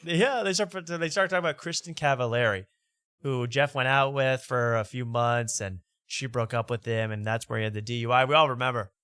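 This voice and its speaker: A man's voice: medium pitch, fairly quick, fairly bright tone, smooth, no room sound. Joking male talk show host, dry sound. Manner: joking, rambling, laughs often. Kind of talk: casual comedic talk show banter.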